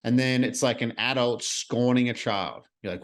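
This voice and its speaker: A man's voice: medium pitch, moderate pace. A man hosting a solo podcast, talking earnestly and reflectively in a casual way, with the odd swear word. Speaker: podcast host.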